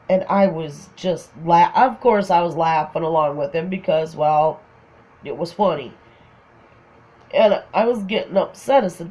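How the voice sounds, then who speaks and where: A woman's voice: fairly low pitch, a little slow, mellow, poor audio. A woman with a Minnesotan accent casually telling a funny personal story, often laughing. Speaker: craft vlogger.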